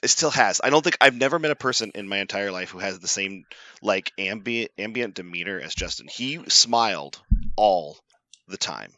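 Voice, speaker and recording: A man telling a story in casual podcast chat, laughing through the punchlines and getting more animated as it goes. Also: fairly low pitch, moderate pace, no room sound. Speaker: podcast host.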